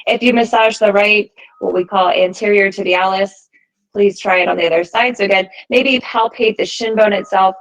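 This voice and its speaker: Calm woman guiding a yoga class. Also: medium pitch, moderate pace, rough recording. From United States. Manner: calm, encouraging cues timed to the breath. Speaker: yoga teacher. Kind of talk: guided yoga class instruction.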